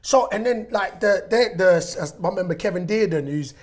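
A man, a former footballer hosting a casual interview chat and telling stories with animated energy. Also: high-pitched, normal speed. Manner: animated storyteller, voice rising when excited. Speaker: podcast host, former footballer.

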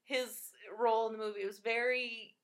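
A woman's voice: on the high side, flat delivery, a little fast. A woman chatting casually about a film, rambling with lots of fillers and laughing often.

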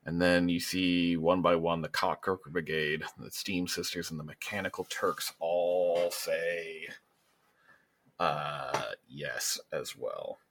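Male game master, low voice, relaxed narration. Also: slow.

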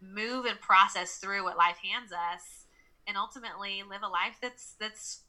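Southern woman, very bright tone, candid life coach guest. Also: medium pitch, a little slow, low-quality recording. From Nashville, Tennessee. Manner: open, earnest storytelling. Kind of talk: casual interview conversation.

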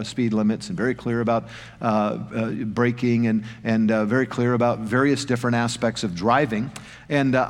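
Brief: male pastor, mid-pitched, folksy anecdotal preaching with long hall reverb. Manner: folksy storytelling with self-deprecating humor. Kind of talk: anecdotal sermon.

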